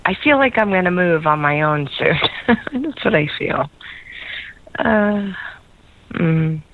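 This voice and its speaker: A woman's voice: on the low side, animated, slow pace. A woman calling in to a radio show, talking in a rambling, hesitant way and laughing often. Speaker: caller. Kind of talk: call-in radio chat. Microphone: telephone. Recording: tinny phone line.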